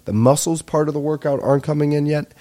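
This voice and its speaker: Rambling young podcast host. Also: male voice, on the high side, fast. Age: 20s. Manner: rambling, excitable and profane. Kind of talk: comedic podcast monologue.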